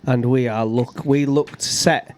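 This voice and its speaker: A man's voice: medium pitch, slow pace. A man hosting a casual football watchalong podcast, bantering and swearing freely. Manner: swearing, banter-heavy, lively. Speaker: podcast host.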